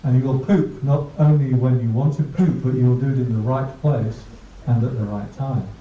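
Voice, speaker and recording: A man's voice: mid-range voice, steady tone, moderate pace, slight background noise, close to an everyday voice. A man voicing a strict parent who firmly lays down rules to a growing child. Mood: stern. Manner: firm, lecturing. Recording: dull distant roomy recording.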